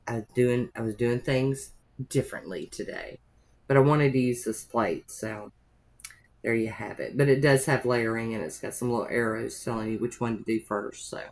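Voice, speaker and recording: Chatty woman doing a nail tutorial. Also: very deep voice. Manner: chatty, rambling, homey asides. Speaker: nail art vlogger. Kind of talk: casual tutorial narration.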